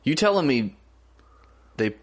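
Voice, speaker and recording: A man's voice: mid-range voice, big pitch swings, measured pace. A man co-hosting a casual podcast chat, teasing and laughing easily. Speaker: podcast co-host.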